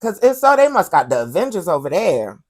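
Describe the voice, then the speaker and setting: A woman hosting a commentary podcast who talks about current events in a sassy, animated way and keeps calling the listener "honey". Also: on the low side, brisk.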